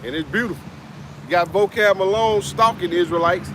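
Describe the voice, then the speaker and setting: A man with a notably high voice delivers an informal street sermon, talking in a relaxed, chatty way and often tacking on "man." He sounds like he is outdoors in a city, with faint traffic noise in the background. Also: moderate pace. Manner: loose, conversational, peppers lines with "man", chuckles. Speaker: street preacher. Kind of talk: casual preaching talk. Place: outdoors in a city, Atlanta area.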